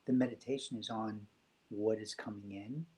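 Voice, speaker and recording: A man speaking as a guest in a reflective spiritual conversation, soft, gentle and unhurried. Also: lowish voice, fairly even intonation, poor audio. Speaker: podcast guest.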